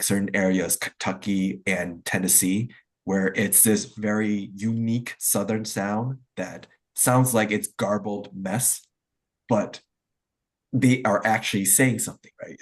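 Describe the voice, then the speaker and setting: A man's voice: lowish voice, slightly rough. A man, explaining at length in a casual online group chat, using lots of "like" and "um" between thoughts. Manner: rambling, explanatory, heavy use of "like" and "um". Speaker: discussion participant.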